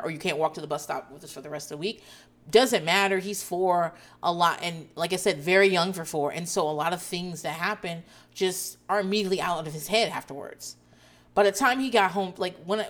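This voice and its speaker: A woman in her thirties tells a story from her own morning in casual vlog chat. She talks in an animated way, swears freely and laughs as she goes, with her voice rising high when she gets worked up. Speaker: mother of four telling a story.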